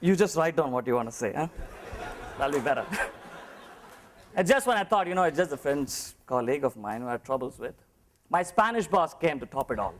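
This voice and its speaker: A man's voice: on the high side, expressive, fairly quick, pauses often, noisy background. Indian English man, contest comedian, storytelling with accent impressions, slightly raised voice. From Chennai, India. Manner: comic storytelling with mimicry of accents. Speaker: speech contestant. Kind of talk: humorous contest speech.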